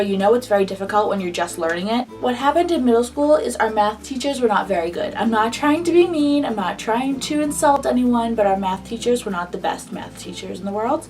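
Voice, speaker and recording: A woman's voice: fairly high pitch, recorded from a distance. Fired-up young woman telling a story. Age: early 20s. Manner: animated, indignant, swears freely. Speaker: vlogger. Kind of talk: casual storytime.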